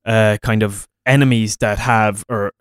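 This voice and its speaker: A man in casual podcast talk about a film, lively and quick to mock. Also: lowish voice, clean tone, dry recording, clean studio sound. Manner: lively, mocks lines in put-on voices.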